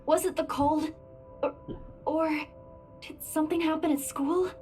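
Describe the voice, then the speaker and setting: A very high, gentle young woman in a horror visual novel, earnest and a little hesitant. She stumbles apologetically over her words. Faint music plays under her voice. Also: fairly even intonation, unhurried. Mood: worried. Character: Isabel, earnest worried young woman friend.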